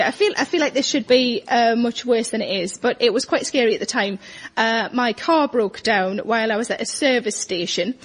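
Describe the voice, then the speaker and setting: A woman's voice: a little high, a little hiss or hum. A woman telling a self-mocking comic story as a guest on a studio panel show. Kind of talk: comic anecdote. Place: studio with live audience.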